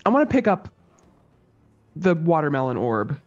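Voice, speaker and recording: A man playing in a tabletop game, excitable and halting, with many fillers. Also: on the high side. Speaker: player. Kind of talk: casual tabletop game play. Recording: muffled lo-fi audio with faint music.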